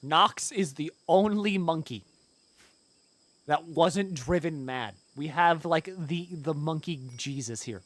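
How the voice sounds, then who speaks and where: A man's voice: a little high, slow, a bit bright, no echo. A man streaming a colony game live, chatting casually with his viewers, answering their questions and swearing freely. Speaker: gaming streamer.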